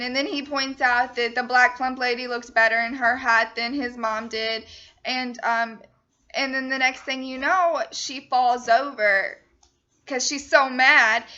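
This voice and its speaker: A woman's voice: sits high, pushed and bright, lo-fi sound. A young woman student summarizing a short story for a class presentation, in a chatty way full of fillers like "you know" and "um". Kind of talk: casual spoken book summary.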